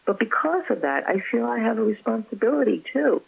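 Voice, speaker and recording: A woman, an author, chatting as an interview guest and telling stories about her faith with effusive warmth. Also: a little high, animated, a little fast, vocal fry, breathy edge, muffled recording. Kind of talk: casual interview chat.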